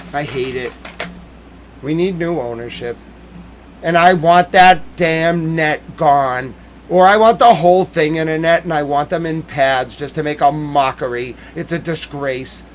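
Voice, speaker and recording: A man's voice: mid-range voice, slight background noise, poor audio. A young man ranting in an exasperated, heated way as host of a casual talk stream. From Boston area, United States. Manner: heated, exasperated rant with frequent swearing and shouting.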